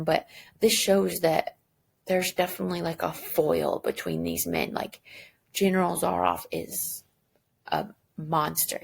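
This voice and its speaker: A woman's voice: on the low side, gravelly, slightly rough. A woman teacher giving a recorded lesson, chatty and self-deprecating, thinking aloud as she goes.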